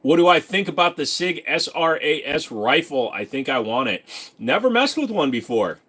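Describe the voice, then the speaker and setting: A man's voice: on the high side, sing-song, normal speed, a bit bright, breathy edge. A young man hosting a casual live stream, reading questions from chat aloud and answering them in a rambling, joking way.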